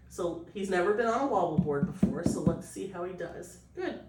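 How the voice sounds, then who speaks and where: A woman breeder explaining a puppy temperament test, switching between high coaxing puppy talk and calm explanation. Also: normal speed, far from the mic, heavy background noise. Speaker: dog breeder. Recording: echoey room, voice off-mic.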